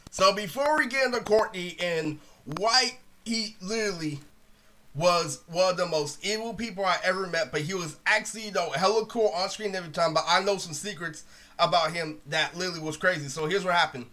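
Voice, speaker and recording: Young man, casual storytime monologue, high bright voice, rambling, profane, lowers voice for quotes. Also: brisk. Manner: rambling, profane, says "literally" constantly; drops to a low voice to quote others. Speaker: storyteller vlogger.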